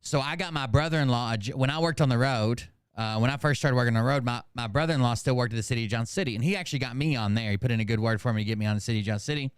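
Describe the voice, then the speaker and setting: A man's voice: medium pitch, racing, hardly any pauses, clean tone, no echo. Middle-aged man, casual profane storyteller, clean resonant voice, dry close sound. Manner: animated, profane, laughs at his own stories. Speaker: host.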